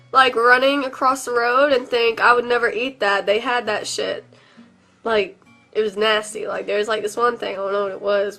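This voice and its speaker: A woman's voice: on the high side, a bit bright. Rambling, giggly young woman on a phone camera. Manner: rambling, giggly storytelling with filler words. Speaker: vlogger. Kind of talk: casual storytelling vlog.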